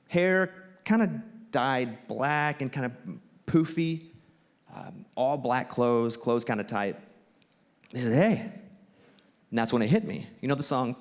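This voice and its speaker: A man with a Southern US accent doing stand-up storytelling for a theater crowd, animated and jumping high when he acts out quotes. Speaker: comedian and host. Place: theater stage. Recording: live theater with long reverb and faint ambience.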